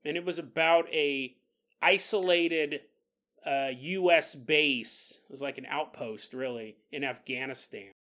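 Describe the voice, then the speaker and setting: Мужчина-ведущий подкаста, яркий шутливый голос. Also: male voice, fairly high pitch, unhurried, pushed and bright. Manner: jokey, laughs at his own asides, acts out quotes. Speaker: podcast host. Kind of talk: casual storytelling monologue.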